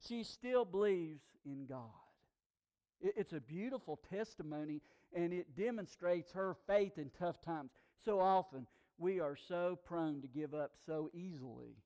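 High-voiced preacher, hushed to booming. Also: male voice, lively intonation, measured pace. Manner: swings from hushed to loud emphatic declarations. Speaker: pastor. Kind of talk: sermon.

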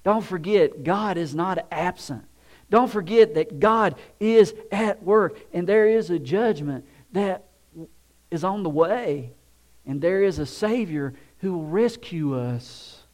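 A man with a high voice preaches a sermon with an animated delivery. He shifts his tone to play out little scenes and chuckles along the way. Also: slow. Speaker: pastor.

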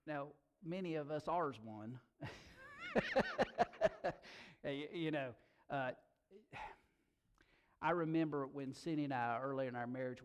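A man preaching a sermon in a folksy, casual way, talking slowly and dropping asides like "man" and "you know.". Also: mid-range voice. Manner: slow-talking, by his own account. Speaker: pastor.

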